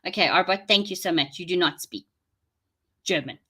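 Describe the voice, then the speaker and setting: A woman's voice: on the low side, normal speed, sharp tone, slightly rough. A woman with a South African accent, chatting casually and rambling to viewers during a live stream, laughing often. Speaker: livestream host.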